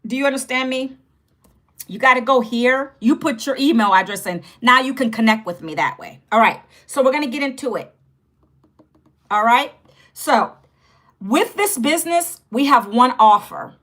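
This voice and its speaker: A woman's voice: high-pitched, expressive, normal speed, a bit bright. A woman in her fifties talking casually to viewers on a livestream, direct and chatty, checking in with "okay" and "guys". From United States. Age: 50s. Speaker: livestream host.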